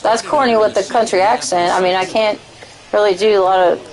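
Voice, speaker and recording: A woman with a Southern country accent, chatting and teasing excitedly while streaming a game. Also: mid-range voice, a little fast, low-quality recording. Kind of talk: casual live-stream gaming chat.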